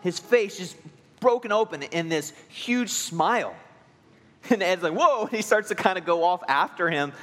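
Pastor preaching in a ringing hall. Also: male voice, high voice, normal speed. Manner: earnest, shifting between emphatic and quiet. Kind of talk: sermon.

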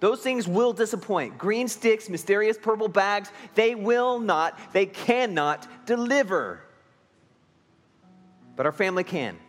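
A pastor delivering a sermon in a fairly high voice, earnest and emphatic at times, quiet at others. The sound carries a long hall reverb. Soft instrumental music sits underneath. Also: male voice, animated, measured pace.

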